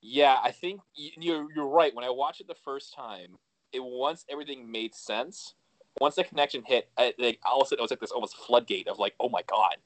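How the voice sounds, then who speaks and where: A man's voice: medium pitch, brisk, dry recording. A man co-hosting a podcast, chatting casually, restarting his sentences and acting out his own reactions. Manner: animated, trails off and restarts, acts out quoted reactions. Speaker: podcast co-host. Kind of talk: casual chat.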